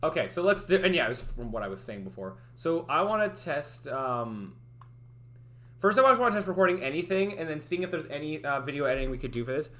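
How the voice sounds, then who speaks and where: A young man talks loosely to his livestream viewers from a desk mic and trails off mid-thought. His pitch jumps around lively, and his voice has a bright, forward edge. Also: fairly quick. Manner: rambling, hesitant, full of fillers and restarts. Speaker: streamer. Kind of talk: casual livestream chat. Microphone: headphones with a desk mic.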